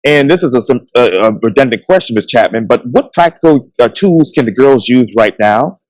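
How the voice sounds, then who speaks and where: A man's voice: mid-range voice, animated, normal speed, darkish tone, no echo, rough recording. A man hosting a local interview show, asking questions politely and formally. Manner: polite, affirming, formal address.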